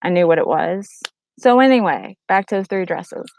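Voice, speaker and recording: A woman's voice: lowish voice, moderate pace, poor audio. A middle-aged woman vlogging casually about her faith, telling a story animatedly and urging her viewers earnestly. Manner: animated storyteller acting out quotes in raised voices. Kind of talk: casual testimony to camera.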